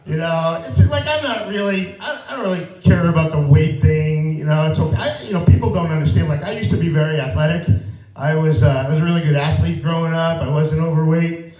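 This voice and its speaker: Self-deprecating stand-up comedian, roomy venue. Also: male voice, fairly high pitch, fairly quick. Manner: self-deprecating, conversational, animated when quoting himself. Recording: roomy live venue, mic heard from a distance. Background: audience laughter.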